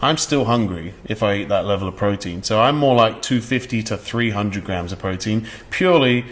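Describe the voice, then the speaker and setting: A man's voice: fairly low pitch, normal speed. A man co-hosting a podcast as a coach, talking bluntly and casually and swearing freely. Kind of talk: casual chat.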